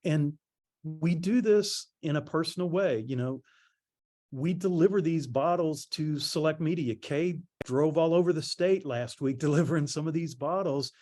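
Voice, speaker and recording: A middle-aged man giving a conference presentation on public relations, telling stories in a relaxed, conversational way. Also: fairly high pitch, normal speed. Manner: conversational storytelling, animated quoting.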